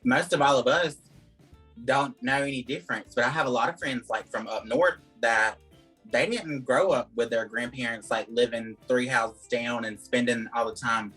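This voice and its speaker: A man's voice: mid-range voice, sharp tone, husky, poor audio. A man with a Southern US accent, chatting as an interview guest and rambling through his answers with lots of "like" and "um". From Georgia, USA. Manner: chatty, rambling, heavy use of "like" and "um". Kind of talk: casual interview chat.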